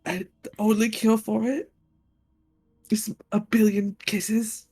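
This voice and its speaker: A woman voicing a small girl who pretends to be a solemn doctor, speaking slowly and softly. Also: medium pitch, level tone, husky. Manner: slow, grave, hushed.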